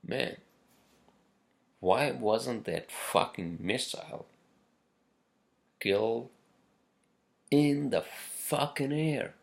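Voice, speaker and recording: A man's voice: medium pitch, expressive, very slow, vocal fry, pauses often. A man delivering a casual, rambling monologue, swearing constantly and pressing his points with heavy emphasis. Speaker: podcast host.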